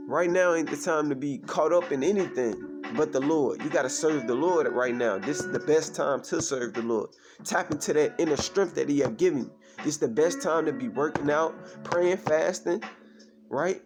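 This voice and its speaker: A man's voice: a little high, a little mellow. A man teaching from scripture, reading verses aloud and explaining them, often asking "you understand me?". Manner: repeats "you understand me?" as a refrain. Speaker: preacher.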